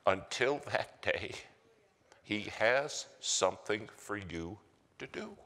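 A man's voice: on the low side, animated, slow pace, pushed and bright. A man preaching a storytelling sermon with dramatic delivery that drops to a whisper for emphasis. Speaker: guest preacher. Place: large church sanctuary. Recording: long church reverb.

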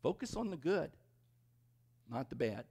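A man's voice: on the high side, big pitch swings, unhurried, creaky, dark tone, breathy edge. A middle-aged man, a pastor, preaching a sermon in a conversational, storytelling way and often checking in with the congregation. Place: church worship service.

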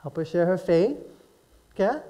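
A man's voice: sits high, lively intonation, normal speed, dark tone. A middle-aged man from Hawaii preaching a sermon in a casual, conversational way, often putting questions to his listeners. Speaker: pastor.

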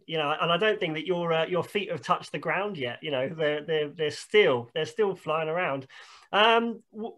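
A man's voice: a little high, a bit bright. A man hosting a video call interview, encouraging his guest, with frequent restarts. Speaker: interview host.

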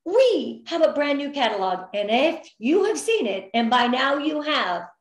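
A bright, higher-pitched middle-aged woman leads a motivational business training, upbeat and encouraging. She gets emotional at times, and her voice rings in an echoey room. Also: big pitch swings, a little slow. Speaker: direct sales team leader.

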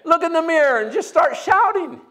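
A man preaching a sermon as pastor, energetic and joking, breaking into loud shouts. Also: very high voice, normal speed.

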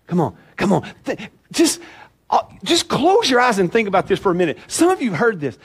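A male pastor, preaching a sermon in church with animated storytelling and jokes for the congregation. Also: high voice, normal speed, slightly rough. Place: church sanctuary.

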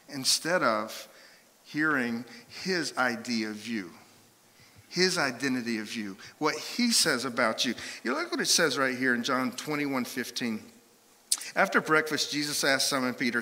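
A man preaching a sermon as a pastor, telling stories and acting out quoted voices with lively shifts. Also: mid-range voice, measured pace, long pauses, in a large hall. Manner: animated storytelling, acts out voices and quotes. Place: church sanctuary.

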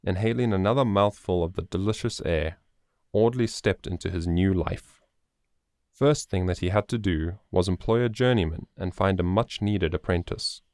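A man reading a short story aloud as an audiobook narrator, measured and even. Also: low-pitched, no room sound, studio quality.

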